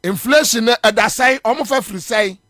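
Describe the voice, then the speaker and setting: Ghanaian radio guy ranting about politics, high voice, repeats himself, dry studio sound. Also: brisk, a bit bright, dry recording. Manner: combative, scornful, repeats phrases for emphasis. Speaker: radio morning show host.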